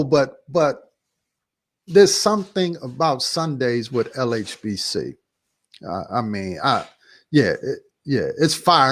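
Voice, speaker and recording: A man hosting a church talk show, casually recapping a sermon in a relaxed, repetitive, slangy way. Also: medium pitch. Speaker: pastor and show host.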